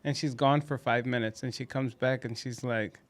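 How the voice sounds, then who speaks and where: A man co-hosting a dental podcast, chatting casually at a mid-range pitch. He tells stories about patients and slips into their voices as he quotes them. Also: fairly even intonation, moderate pace. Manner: storytelling, acting out patient conversations. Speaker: podcast co-host at a dental clinic.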